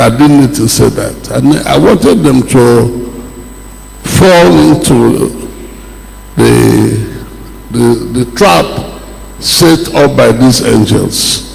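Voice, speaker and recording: Pastor, male, emphatic sermon delivery, gravelly voice, long hall reverb. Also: medium pitch, darkish tone. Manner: slow, emphatic preaching with rising exclamations.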